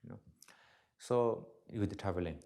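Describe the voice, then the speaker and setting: A man giving a dharma talk as a Buddhist teacher, blunt and joking, in broken English grammar, swinging between loud emphatic bursts and soft asides. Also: on the low side, moderate pace.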